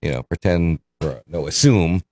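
A man hosts a morning radio show, chatting casually, rambling a bit, correcting himself as he goes and chuckling. His voice sits low and a little mellow, at normal speed, with no echo.

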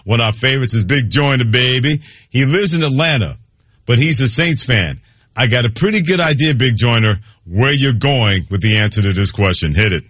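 A man's voice: medium pitch, lively intonation, a little fast, fairly bright tone, no room sound. A man hosting a sports talk radio show, reading a phone number and taking callers in an easygoing, playful way. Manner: easygoing, playful, laughs along. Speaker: radio host.

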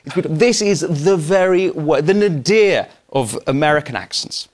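A man's voice: fairly high pitch, animated, moderate pace. A man, giving sardonic, mocking commentary as a panel guest.

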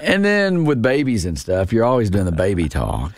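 A man's voice: lowish voice, moderate pace, no echo. A man co-hosting a morning radio show, telling stories with laughter and acting out silly voices. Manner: animated, laughing storyteller who acts out silly voices.

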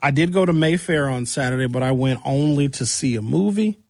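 A man hosting a talk show who is hoarse from recent shouting, giving blunt, conversational commentary on local news and asking rhetorical questions. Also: medium pitch, expressive, brisk, dry recording, studio quality.

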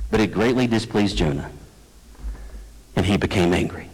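A man's voice: on the low side, lively intonation, moderate pace, long pauses, a little hiss or hum. A man preaching a sermon as pastor, conversational and self-deprecating, addressing his congregation. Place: church sanctuary. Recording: long church hall reverb.

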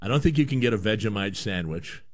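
A man's voice: fairly low pitch, quick pace. A man hosting a radio show, chatting casually and joking with lots of restarts. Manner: animated, rambling, joking with restarts. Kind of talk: casual chat.

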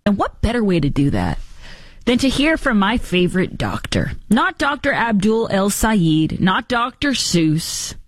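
A woman hosting a radio talk show delivers sarcastic, mocking political commentary and puts on silly voices for impressions. Her medium-pitched voice is very animated yet unhurried, recorded in clean studio sound with no room sound.

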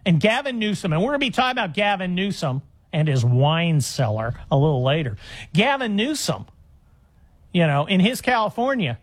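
A man in his sixties hosting a call-in radio show, talking in an animated, exasperated and rambling way with frequent restarts. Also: sits high, normal speed. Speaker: radio talk show host. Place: Los Angeles area radio studio.

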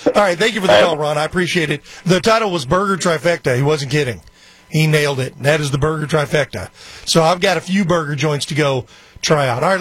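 Male call-in host, husky, slightly high, relaxed banter, dry studio sound. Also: no echo. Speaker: radio call-in show host. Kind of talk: casual call-in chat.

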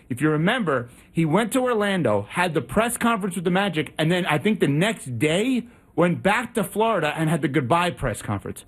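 A man's voice: on the high side, brisk, hardly any pauses, slightly rough. A man hosting sports talk radio, out of breath and talking through his analysis. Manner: animated, talkative analysis.

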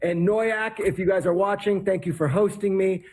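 A man with a somewhat high voice hosting a podcast. He is upbeat and jokey, rattling off shout-outs as he wraps up the show. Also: fairly even intonation, normal speed. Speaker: podcast host. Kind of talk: casual podcast sign-off.

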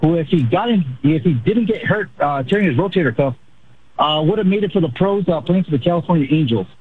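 A man's voice: on the high side, lively intonation, quick pace, slightly rough. A man from El Paso calling in to a radio show, chatty and rambling, heard over a phone line. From El Paso, Texas. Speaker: caller.

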